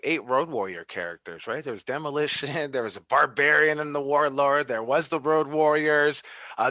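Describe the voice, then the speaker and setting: Wrestling coach, man, bright forceful voice, halting delivery, dry close sound. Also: a little high, dry recording. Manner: halting, restarts often, upbeat. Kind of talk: casual critique.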